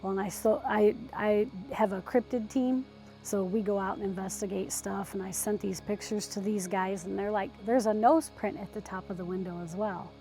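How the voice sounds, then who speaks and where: A woman telling her own experience in a conversational, unscripted way, with fillers and restarts. She sinks to a hushed near-whisper when reliving the tense moments. Her voice sits at a middle pitch, with faint music playing underneath. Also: fairly even intonation, normal speed, rough recording. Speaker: eyewitness recounting an encounter. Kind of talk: casual spoken storytelling.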